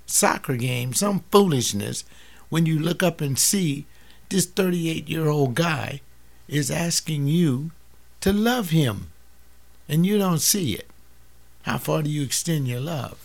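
Brief: older male preacher, gravelly, impassioned, drops from loud appeals to near-whispers. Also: a little high, lively intonation, takes it slowly. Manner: acts out family dialogues, swings from loud to hushed. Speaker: teacher giving a sermon-like talk.

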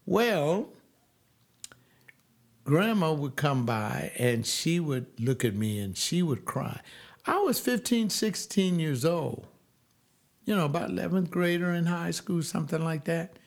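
A man's voice: fairly high pitch, expressive, unhurried. A man, a former preacher, talking on his webcast, earnest and repeating himself for emphasis with rhetorical questions.

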